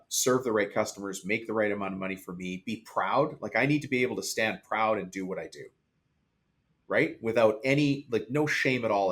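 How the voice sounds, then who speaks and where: A man speaking as a podcast guest, a business coach for the trades, talking candidly and telling stories in conversational interview style. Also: fairly low pitch. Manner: candid, storytelling, mimics others in quotes.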